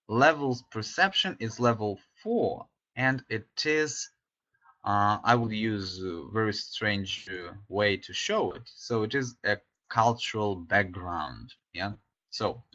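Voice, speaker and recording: A man's voice: on the low side, sharp tone. A man teaching an English class online, chatty and full of fillers, often checking with "yeah?". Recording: slightly dull lo-fi audio.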